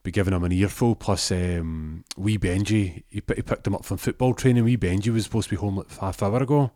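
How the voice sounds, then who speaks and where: A man's voice: low-pitched, brisk, mellow, dry recording, clean studio sound. A man telling a rambling comic story, with lots of restarts and asides. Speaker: comedic storyteller.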